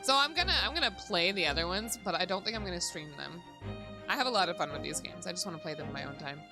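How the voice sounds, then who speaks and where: Swearing freely and laughing often, a woman chats casually while playing a game on stream, with music behind her. Her fairly low voice is expressive and she talks fast.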